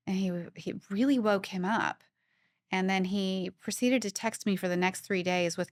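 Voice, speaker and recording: A woman guest on a podcast tells brisk, opinionated stories in conversation. Her voice sits in a middle range and is recorded dry, with no room sound. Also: medium pitch, fairly even intonation, no room sound. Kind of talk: casual chat.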